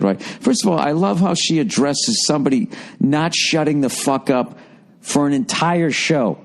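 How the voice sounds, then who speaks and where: Boston comic guy, 40s, voice shot and hoarse, swearing and ranting his way through a podcast story, regular pitch for a man. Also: a little slow. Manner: profane, ranting, animated storytelling. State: hoarse, voice worn out. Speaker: comedian podcast host. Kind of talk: rambling podcast monologue.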